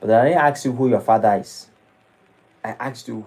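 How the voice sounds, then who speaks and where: A man preaching a sermon in a temple, dramatic and lively. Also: mid-range voice, moderate pace, low-quality recording. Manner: dramatic, shifting into mocking acted quotes. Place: temple hall.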